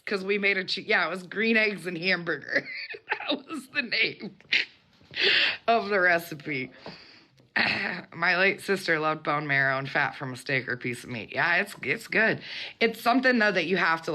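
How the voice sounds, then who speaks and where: A woman's voice: lowish voice, lively intonation, normal speed, bright, forceful tone. A woman hosting a casual mukbang livestream, chatting in a bubbly way and greeting her viewers. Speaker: livestream host.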